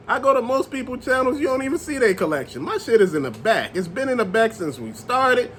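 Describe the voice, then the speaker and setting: Animated high-pitched man ranting. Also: a little fast, few pauses, slight background noise. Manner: loose, animated rant with slang and cussing. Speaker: channel host. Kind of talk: ranting to camera.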